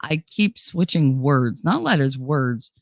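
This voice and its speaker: A woman's voice: a bass voice, very animated, slow pace, dry recording, clean studio sound. A woman hosting a casual livestream, blunt and profane, reading chat aloud while tired and running on fumes. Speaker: livestream host.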